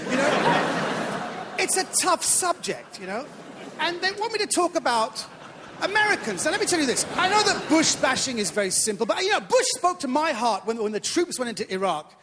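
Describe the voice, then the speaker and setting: A man's voice: very high-pitched, sing-song, fairly quick, fairly bright tone, a little hiss or hum. A man doing stand-up comedy on a theatre stage, chatty and self-mocking. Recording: echoey theatre hall.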